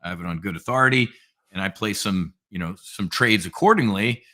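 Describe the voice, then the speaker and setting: Guest trader, male, low bright voice, lively slangy storyteller. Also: brisk. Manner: energetic storyteller, casual slang. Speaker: podcast guest, options trader. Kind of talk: casual podcast chat.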